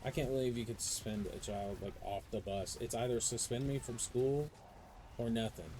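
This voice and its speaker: A young adult man streaming a game, chatting casually and ranting in profane, animated stories. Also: medium pitch, moderate pace, a little hiss or hum, rough recording. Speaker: live streamer. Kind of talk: casual chat while gaming.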